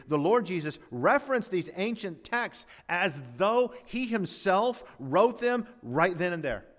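A man preaching in a church sanctuary, his fairly high voice carried by a long hall reverb. He drives his points with rhetorical questions and repeated phrases, shifting between loud emphasis and quiet asides. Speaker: pastor. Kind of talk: sermon.

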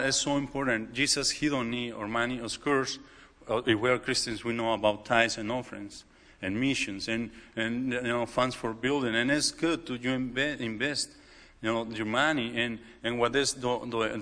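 A man with a Mexican accent, a native Spanish speaker, preaching a sermon in halting English, often repeating and restarting words. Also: medium pitch, fairly even intonation, a bit bright. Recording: long hall reverb.

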